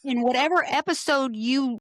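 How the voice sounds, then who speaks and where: A woman guest on a podcast, telling stories in an expressive, animated way in casual conversation. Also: sits high, normal speed, dry recording, clean studio sound.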